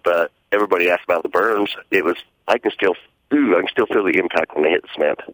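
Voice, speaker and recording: A man's voice: low voice, fast talker, fairly bright tone, no room sound, poor audio. A middle-aged man calling in to a radio show, telling his story in a matter-of-fact, rambling way. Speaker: caller. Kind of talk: phone-in story.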